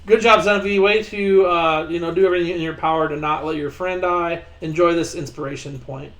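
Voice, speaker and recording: A man running a tabletop game as game master, relaxed and joking while he walks the players through the rules. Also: a little high, brisk.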